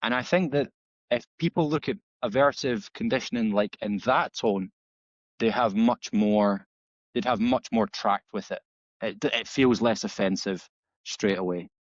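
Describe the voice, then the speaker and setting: A man, a dog trainer guest on a podcast, telling stories in a casual, animated way and acting out the dialogue with many restarts. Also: on the low side, measured pace, no echo. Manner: animated storytelling, acts out dialogue with frequent restarts. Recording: slightly dull, dry audio.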